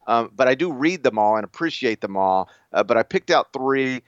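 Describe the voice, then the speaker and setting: Dude reading out mailbag on a sports pod, dry wry tone, bit of a dull mic sound. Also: male voice, medium pitch, animated, normal speed, no room sound. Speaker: podcast co-host reading listener mail. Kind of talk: casual sports podcast chat.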